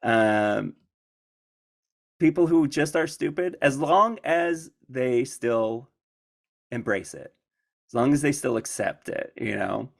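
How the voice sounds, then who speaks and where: A man's voice: medium pitch, animated, slow pace, gravelly, pauses often. A man answering audience questions at a conference in a rambling, casual way, laughing often and restarting his sentences. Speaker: conference speaker.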